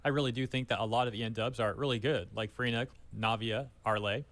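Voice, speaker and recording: A man's voice reading out online comments in an even, flat delivery. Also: mid-range voice, quick pace, natural voice.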